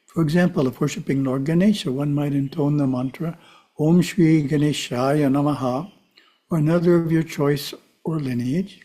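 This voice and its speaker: Calm guy teaching a spiritual class, warm dark tone, a bit breathy. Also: a little high. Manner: calm, measured, asides to the listeners. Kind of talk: teaching talk to a live audience.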